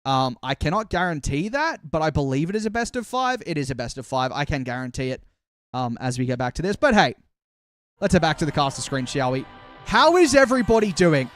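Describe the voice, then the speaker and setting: A man's voice: mid-range voice, very animated, a little fast, a bit bright, dry recording, faint music behind. A young man chatting playfully with his live-stream viewers as a caster, talking straight to chat. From Australia.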